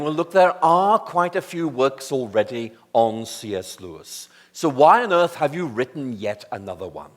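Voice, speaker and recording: A British man in his sixties giving a public lecture, measured and wry with dry touches of humor. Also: mid-range voice. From Northern Ireland. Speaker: guest lecturer. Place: large lecture hall. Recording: long hall reverb.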